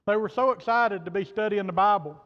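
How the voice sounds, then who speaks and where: A man's voice: high-pitched, a little fast. A man preaching a sermon, telling a story in a folksy, plain-spoken way and quoting the people in it. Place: church sanctuary. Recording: dull reverberant church hall audio.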